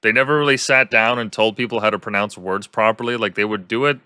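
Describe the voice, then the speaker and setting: A man hosting a casual interview podcast, telling animated stories and acting out the people he quotes. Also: fairly low pitch, quick pace, clear, resonant tone, no echo, studio quality. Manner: animated storyteller who acts out quoted people. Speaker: podcast host.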